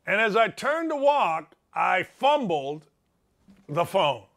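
A middle-aged man hosting a sports talk show, telling a story in an excitable, self-mocking way with loud exclamations. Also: sits high, takes it slowly. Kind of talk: animated storytelling monologue.

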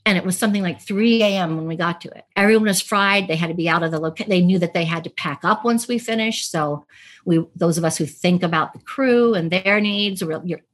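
Woman actress chatting on a podcast, animated, laughs a lot, acts out what people said. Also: on the low side, fairly quick. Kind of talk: casual interview storytelling.

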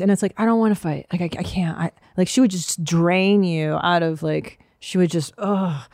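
Woman podcast host, blunt and quick, kinda low voice, dry close mic. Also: no room sound. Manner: blunt, quick to react, animated retellings. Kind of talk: casual chat.

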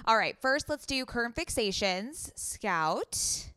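A young woman co-hosts a relaxed podcast, upbeat and encouraging as she talks. Her voice is crisp and clear. It is recorded close and dry. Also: on the high side, takes it slowly, no room sound. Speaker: podcast co-host. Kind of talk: casual podcast chat.

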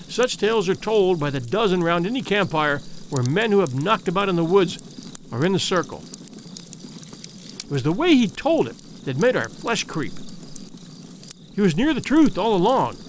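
A man reading a story aloud in a measured, vivid and dramatic way. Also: high-pitched, slight background noise. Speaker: audiobook narrator. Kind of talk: scripted storybook narration.

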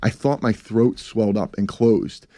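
Low dark-voiced man telling a story. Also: a little slow, no room sound. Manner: rambling, repeats himself, acts out what others said. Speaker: guest, business founder. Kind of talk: casual storytelling interview.

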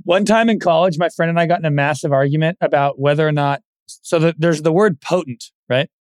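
A man's voice: fairly high pitch, brisk, no room sound, studio quality. A man co-hosting a podcast, telling easygoing, self-mocking anecdotes in casual chat. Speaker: podcast co-host.

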